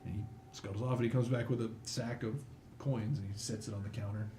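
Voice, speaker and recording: A man's voice: lowish voice, steady tone, quick pace, reverberant, noisy background. A man narrating as game master in a tabletop game, casual and hesitant, with many fillers.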